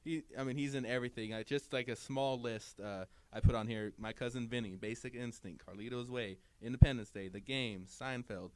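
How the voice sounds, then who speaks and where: A man's voice: medium pitch, fairly even intonation, fairly quick, hardly any pauses, smooth. A man co-hosting a casual podcast chat, hesitant and full of fillers and restarts, laughing easily. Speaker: podcast co-host.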